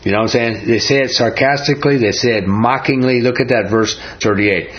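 A man's voice: mid-range voice, fairly quick, muffled recording. A man teaching a Bible chapter verse by verse in a folksy way, often asking "right?" and laughing.

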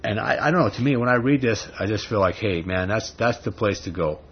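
A man preaches a sermon conversationally, building toward emphatic rhetorical questions. His lowish voice is lively, a little fast and breathy-edged, heard on a dull lo-fi recording with faint background noise.

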